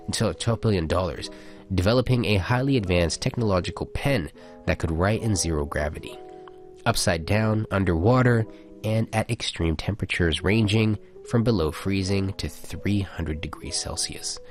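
A man's voice: sits low, normal speed, soft background music. A young man co-hosting a casual chat, reading jokes aloud in a dry storytelling tone. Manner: reads jokes in a dry storytelling tone, laughs often.

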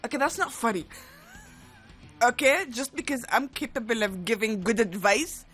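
Woman, radio host, playful chatter, has a cold, sharp bright tone. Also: a little high, moderate pace, slightly rough, faint music behind. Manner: playful, chatty, laughs often. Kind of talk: casual on-air chat.

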